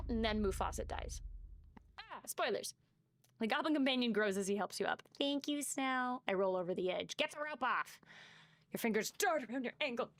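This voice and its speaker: A woman's voice: a little high, fairly bright tone, no echo. A woman streaming gameplay live, reading game text aloud and swearing as she talks to chat.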